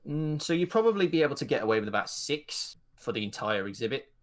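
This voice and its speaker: A man's voice: medium pitch, very animated, fast. A man running a tabletop game, narrating the scene in a loose, casual way. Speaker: game master.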